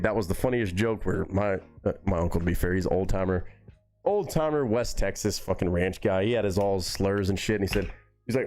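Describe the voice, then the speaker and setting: A man with a fairly low voice tells a long story on his live stream. He talks in a relaxed, rambling way and swears freely. Soft music plays faintly behind him. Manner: relaxed, rambling and heavily profane.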